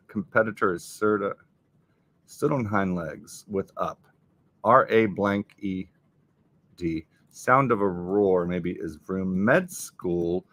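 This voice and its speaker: A man with a fairly low, fairly bright voice hosts a live stream, reading crossword clues aloud and muttering guesses as he works through the puzzle. It's casual live-stream puzzle solving.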